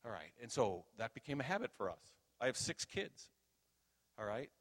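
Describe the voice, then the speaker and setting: A middle-aged man preaching a storytelling sermon, acting out quoted dialogue loudly and with animation. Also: mid-range voice, very animated, normal speed.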